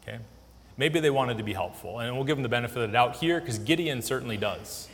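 A man's voice: mid-range voice, lively intonation, fast talker, fairly bright tone. Man teaching scripture in a reverberant hall. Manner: conversational, many fillers and restarts. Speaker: Bible teacher. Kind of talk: casual Bible teaching.

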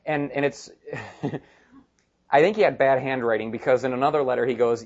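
A male pastor preaching a sermon in an animated, emphatic way, with joking asides. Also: mid-range voice, moderate pace, lo-fi sound.

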